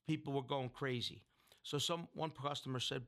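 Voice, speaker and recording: Here the same kind of speaker, a middle-aged restaurant owner and food entrepreneur, has a steady, fairly bright mid-range voice at a moderate pace. Telling a long story in an interview, he wanders, restarts sentences, and performs other people's lines.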